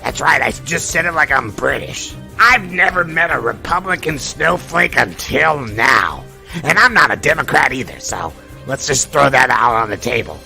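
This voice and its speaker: A man doing an impression of an older male movie star, delivering a combative, insulting rant in a gravelly voice as a comedy bit. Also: medium pitch, sharp tone, exaggerated voice.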